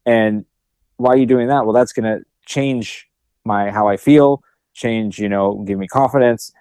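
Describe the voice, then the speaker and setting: A man's voice: lowish voice, measured pace, dark tone, clear, resonant tone, no room sound. A man co-hosting a podcast in casual chat, talking in a rambling, reflective way with many fillers. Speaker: podcast co-host.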